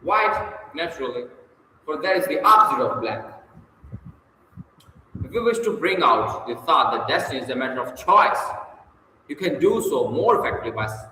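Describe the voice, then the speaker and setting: A man's voice: medium pitch, normal speed. A man reading aloud a lesson from a book on public speaking, leaning hard on the stressed words and drawing them out. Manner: lively emphatic reading with stretched stressed words. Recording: echoey room with long reverb, faint noise.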